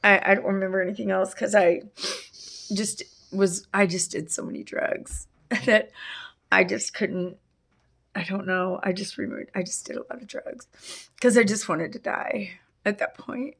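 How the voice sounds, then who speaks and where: A middle-aged woman telling a painful personal story in an interview, halting and full of restarts. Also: medium pitch, fairly even intonation, creaky, a bit bright, slightly rough. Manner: halting, with many restarts and fillers. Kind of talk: emotional personal testimony.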